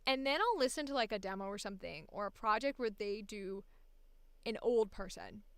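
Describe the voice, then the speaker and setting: A woman voice actor in a casual, animated chat about voice acting, laughing often as she talks. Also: mid-range voice, brisk, clear, resonant tone, no room sound.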